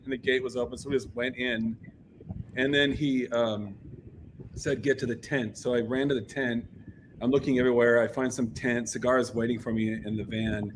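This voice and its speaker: An American man in a band, chatting casually as a guest on a radio interview. He tells his story with lively energy, leans on fillers like "like" and "um", and jumps into the voices of the people he quotes. His voice sits at an ordinary middle pitch, with a faint noisy background. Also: normal speed. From United States. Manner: animated, acts out quoted voices, filler-heavy.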